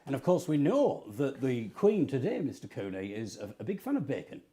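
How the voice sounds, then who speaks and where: A man co-hosting a comic show, bantering playfully with a guest, talking quickly and often chuckling. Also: mid-range voice, very animated, dark tone, soft background music. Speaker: co-host of a comic online show.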